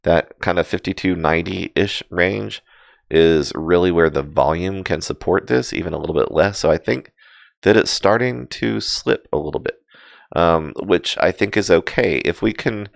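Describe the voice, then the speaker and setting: A man's voice: sits low, moderate pace, creaky, no echo, studio quality. A man giving casual live crypto chart commentary, rambling with many fillers and self-deprecating asides. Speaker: crypto market streamer.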